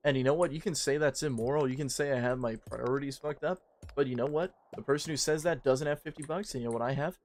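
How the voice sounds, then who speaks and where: A man's voice: mid-range voice, fast, darkish tone, a little hiss or hum. A man chatting casually on a livestream, swearing a lot and rambling in a joking way. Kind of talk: casual stream chat.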